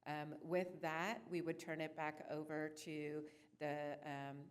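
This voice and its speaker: A woman's voice: low voice, level tone, slow pace, clean tone. A woman city clerk presenting a staff report at a council meeting, hesitant and full of filler sounds.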